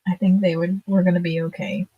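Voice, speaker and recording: A woman's voice: lowish voice, flat delivery, a little fast, breathy edge, lo-fi sound. A woman in her fifties, a guest on a livestream, telling casual stories in a chatty way and laughing often. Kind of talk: casual storytelling.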